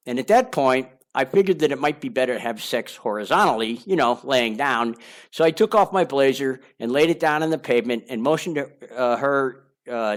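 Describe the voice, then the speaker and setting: An older man narrating his own memoir aloud in a candid, confessional way, with wandering asides and small repeats. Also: medium pitch. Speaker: memoir author reading his own book.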